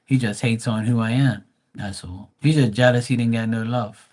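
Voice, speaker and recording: A man's voice: mid-range voice, steady tone, moderate pace, a little mellow. A man hosting a live tarot stream, telling stories bluntly with lots of swearing and mocking asides while reading the chat. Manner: profane, blunt storytelling. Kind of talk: casual livestream chat.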